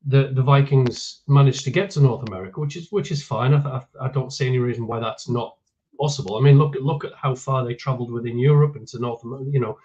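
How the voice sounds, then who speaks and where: A man's voice: mid-range voice, fast talker, warm tone, lo-fi sound. A man chatting casually as co-host, hesitating and often repeating words. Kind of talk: casual chat.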